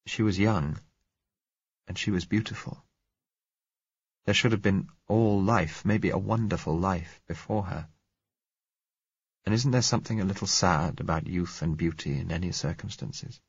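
A man narrating a novel in the first person, measured and reflective. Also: sits low, breathy edge, dry recording, muffled recording. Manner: measured, reflective, rising in heated dialogue. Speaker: audiobook narrator.

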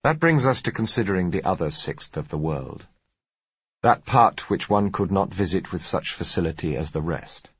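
A man reading a story aloud in a dry, even narrating manner. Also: low-pitched, normal speed, breathy edge, no echo. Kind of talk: scripted narration. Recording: dull, dry lo-fi recording.

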